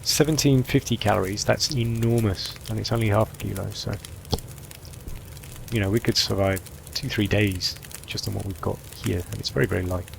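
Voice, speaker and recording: Gravelly low-voiced man thinking aloud. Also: moderate pace, a little hiss or hum. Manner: thinks aloud while managing supplies. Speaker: gameplay commentator. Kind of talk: relaxed let's-play commentary.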